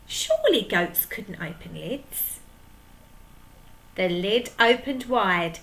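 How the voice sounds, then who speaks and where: A woman's voice: fairly high pitch, very animated, slow, fairly bright tone, rough recording. A woman teacher reading a picture book aloud to young children, stopping to ask them questions. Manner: asks the listening children questions. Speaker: primary school teacher.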